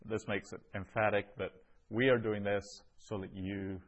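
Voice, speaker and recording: A man's voice: lowish voice, little pitch movement, moderate pace, lo-fi sound. A man teaching a Greek class, explaining step by step with frequent ums. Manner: patient, explanatory, with many ums. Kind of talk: classroom lesson.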